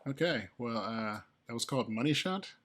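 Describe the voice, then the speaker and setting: A man's voice: mid-range voice, lively intonation, moderate pace, a bit bright. A man co-hosting a podcast, chiming in with short dry remarks and calling out the time left. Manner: brief dry interjections, calls out time left. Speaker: podcast co-host and timekeeper. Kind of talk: casual comic review chat.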